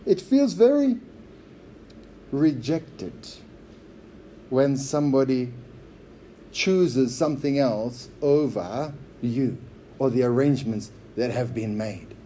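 A man preaching a sermon in a church, emphatic and repetitive, swinging between loud stresses and quiet drops. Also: medium pitch, expressive, takes it slowly, pauses often, slight background noise. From outsider to Zambia.

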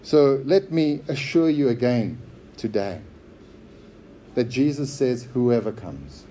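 A man preaching a sermon in a church, emphatic and repetitive, swinging between loud stresses and quiet drops. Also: mid-range voice, animated, takes it slowly, a little hiss or hum. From outsider to Zambia.

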